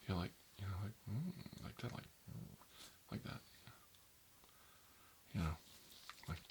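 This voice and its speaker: A man playing a nervous male doctor in a soft-spoken ASMR role-play, rambling and filling his talk with "like" and "you know.". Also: medium pitch, a little hiss or hum, lightly acted. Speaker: doctor examining a patient.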